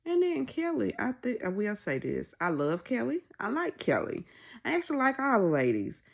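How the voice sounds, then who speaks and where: A woman's voice: moderate pace, gravelly. A woman casually recapping a reality show, acting out what people said with big swings in her voice. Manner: animated, acts out quoted lines with pitch jumps.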